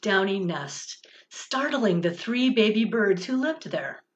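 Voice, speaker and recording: Slow, gentle woman reading a storybook. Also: medium pitch. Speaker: director of religious education. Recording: dull lo-fi recording.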